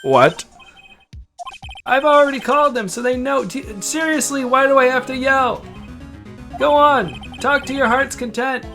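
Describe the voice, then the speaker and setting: A woman's voice: high voice, lively intonation, normal speed, soft background music, pitched above the performer's own voice. Woman doing a boastful, chatty young policeman. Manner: loud and chatty, bragging about his mascot. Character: eager young male police officer, proud and boastful.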